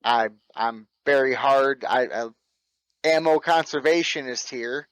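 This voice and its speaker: A man's voice: medium pitch, unhurried, fairly bright tone, smooth, no echo, poor audio. A middle-aged man, an airsoft field owner, telling stories in casual chat, laid-back and swearing freely with laughs. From North Carolina.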